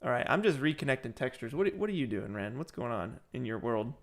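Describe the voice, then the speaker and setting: An excitable man hosting a casual livestream, slangy and quick to laugh. He calls his friends dude. His pitch bounces widely as he talks. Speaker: livestream host.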